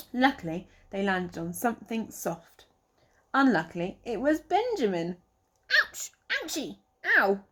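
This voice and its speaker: A woman teacher with an English accent reading a picture book aloud to young children, pausing to explain words. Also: medium pitch. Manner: slow, expressive, pauses to explain words.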